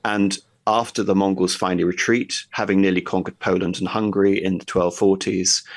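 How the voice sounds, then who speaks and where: A man discussing history at length in a conversational way, pausing often with fillers and restarts. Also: deep voice, no echo. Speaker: guest history commentator.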